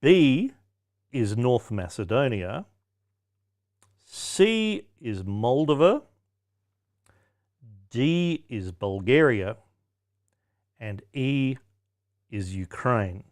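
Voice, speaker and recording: Sardonic quizmaster with a lively voice. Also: male voice, medium pitch, very slow, pauses often. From Australia. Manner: sardonic, with wry, cheeky asides; chatty, with frequent ums and self-corrections. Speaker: quiz host. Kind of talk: pub-quiz hosting.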